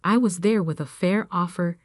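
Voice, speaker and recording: A woman narrating a first-person drama story in a calm, measured way. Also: lowish voice, no room sound, clean studio sound.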